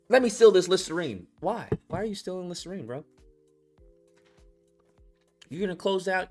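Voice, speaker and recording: A man hosting a satirical call-in show, brash and mocking, now and then breaking into loud chants. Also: sits high.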